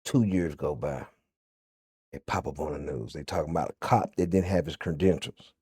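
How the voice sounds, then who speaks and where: A man's voice: very deep voice, moderate pace, dark tone, slightly rough, no room sound, clean studio sound. A man with a Memphis Southern accent, ranting and telling a story in a blunt, profane way. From Memphis, USA. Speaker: vlogger. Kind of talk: casual storytelling rant.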